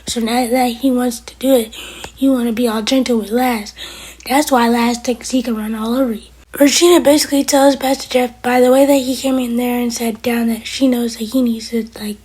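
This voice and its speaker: Husky-voiced woman recapping a TV episode. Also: fairly high pitch, fairly even intonation, a little fast, darkish tone, low-quality recording. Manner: opinionated, retells scenes line by line with "she's like". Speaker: TV episode reviewer. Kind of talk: casual recap and commentary.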